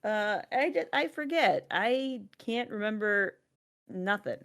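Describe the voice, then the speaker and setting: Animated woman telling stories on a podcast. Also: medium pitch, slow pace. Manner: animated storytelling, laughs often, swears casually. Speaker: podcast co-host. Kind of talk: casual chat.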